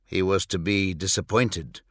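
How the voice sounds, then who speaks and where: A man narrating fiction in a measured, dramatic way, close to the mic. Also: sits low, dry recording. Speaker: audiobook narrator.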